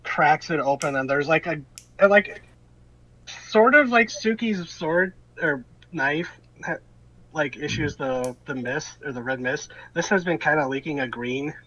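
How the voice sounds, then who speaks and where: A man's voice: on the high side, unhurried, sharp tone, highs cut off. A man running a tabletop game as game master, narrating in a rambling, hesitant way full of fillers.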